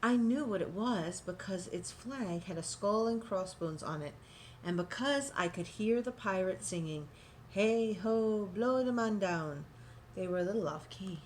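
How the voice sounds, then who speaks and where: A woman reading a children's picture book aloud, adding gentle asides for young listeners. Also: lowish voice, normal speed, slight background noise. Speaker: storybook reader.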